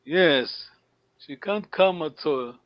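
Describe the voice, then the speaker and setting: Man, high voice, patient teacher, encouraging, dull lo-fi call audio, dry sound. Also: lively intonation, no room sound. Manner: patient, encouraging, repeats words slowly. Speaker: language teacher. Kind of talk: online language lesson.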